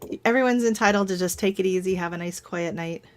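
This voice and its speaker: Chatty, rambling woman with a lower voice. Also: quick pace. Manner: rambling, chatty storyteller with frequent laughs. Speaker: live stream host. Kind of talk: casual live-stream chat.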